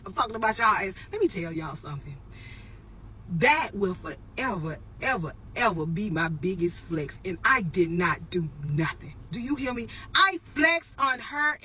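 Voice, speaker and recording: Animated woman telling a story straight to camera. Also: fairly high pitch, a little hiss or hum, rough recording. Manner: animated, addresses viewers as y'all, emphatic repetitions. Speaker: storytelling vlogger. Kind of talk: casual storytelling to viewers.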